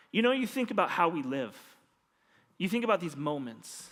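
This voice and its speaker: This pastor's voice sits high and sounds fairly bright, with a sing-song lilt at a normal pace. Preaching in a church sanctuary, he tells stories animatedly and acts out each line of dialogue, against long reverb and faint background music.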